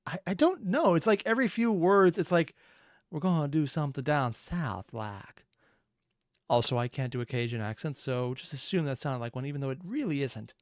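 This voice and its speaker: A man's voice: a little high, big pitch swings, fast, hardly any pauses, dry recording, studio quality. A man hosting a reaction video, making casual commentary full of sarcastic, joking asides. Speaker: reaction channel host.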